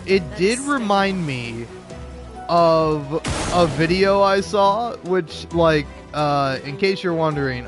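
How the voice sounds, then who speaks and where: A man talking in a rambling, casual commentary style, sarcastic and profane, laughing often between his points. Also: a little high. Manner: rambling with frequent restarts. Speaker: gaming video creator.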